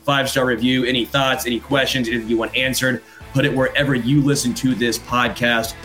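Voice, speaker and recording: A man co-hosting a podcast in casual chat, given to heated, animated rants that rise to shouting. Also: mid-range voice, a little fast, faint music behind. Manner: animated ranting, rising to shouts. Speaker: podcast co-host.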